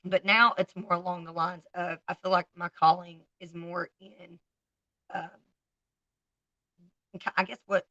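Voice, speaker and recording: A woman's voice: fairly low pitch, flat delivery, measured pace, pauses often, sharp tone, no room sound, muffled recording. A woman in her forties with a Southern US accent, chatting bluntly and candidly to viewers on a casual livestream. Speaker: livestream host.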